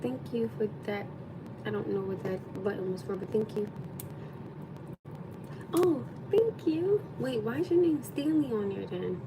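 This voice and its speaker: A woman's voice: medium pitch, normal speed, background noise. A woman in her thirties hosting a casual livestream, rambling and chatting with viewers, thanking them as she goes. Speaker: livestream host.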